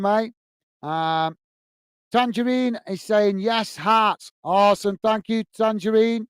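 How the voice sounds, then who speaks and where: In a casual live stream for football fans, a man from the UK reads the chat aloud, thanking people by name and addressing them as mate. His computer lags at times and flusters him, and his high voice sounds clean in a dry recording.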